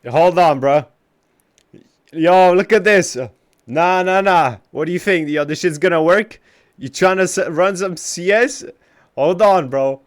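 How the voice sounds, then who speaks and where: A man's voice: high-pitched, measured pace. A young man streaming games live, chatting casually and trash-talking with lots of swearing. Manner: profane, trash-talking banter.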